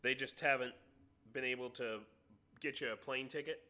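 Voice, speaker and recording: This livestream host from the United States speaks at medium pitch and a moderate pace, with fairly even intonation and a sharp tone. Using a computer mic, he chats casually and jokes while adjusting his audio setup.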